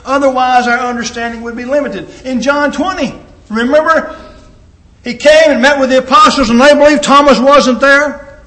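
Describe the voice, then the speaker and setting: High-voiced man preaching a sermon. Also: roomy sound. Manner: emphatic, dramatic swings in pitch and loudness.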